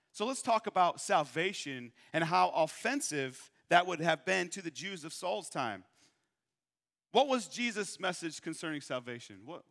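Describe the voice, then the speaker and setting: Bright-voiced preacher in a reverberant hall. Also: male voice, fairly high pitch, creaky. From Michigan, USA. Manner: rhetorical questions, emphatic slowed repetition. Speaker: pastor. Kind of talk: sermon.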